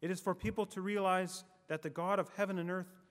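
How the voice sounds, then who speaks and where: A man preaching a sermon in a measured, emphatic way, letting his phrases fall away at the ends. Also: high voice, fairly even intonation, big-room sound.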